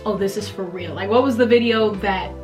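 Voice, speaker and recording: A woman's voice: medium pitch, a little fast, over music. A young woman hosting a casual interview, bubbly and playful, laughing often. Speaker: host.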